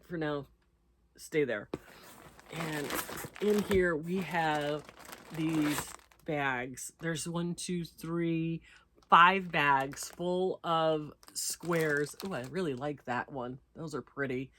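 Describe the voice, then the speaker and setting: A deep, extremely slow, slightly bright voice belongs to this US-based crochet host, recorded with slight background noise. She opens packages casually, reading out notes and offering thanks to the senders.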